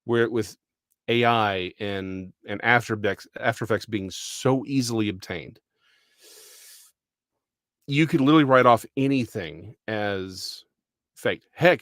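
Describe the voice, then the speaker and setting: A man's voice: mid-range voice, fairly bright tone, no room sound, clean studio sound. A man from Texas co-hosting a podcast, talking things through in a thoughtful, rambling way. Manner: thoughtful, rambling, full of restarts. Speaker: podcast co-host. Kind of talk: casual discussion.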